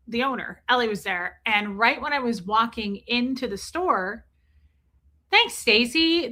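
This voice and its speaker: Woman, live streamer, casual storytelling, animated, greets viewers mid-story, bright tone. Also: fairly high pitch.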